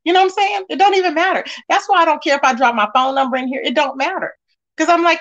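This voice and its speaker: A woman's voice: very high voice, a little fast, a bit bright, dull audio. A woman hosting casual gossip commentary, sassy and emphatic, reading chat and scolding. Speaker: YouTube commentary host.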